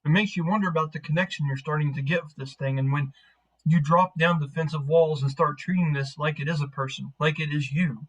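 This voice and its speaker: A man's voice: on the high side, steady tone, fairly quick, highs cut off. A man narrating as game master of a tabletop game, casual and profane, rambling through scenes.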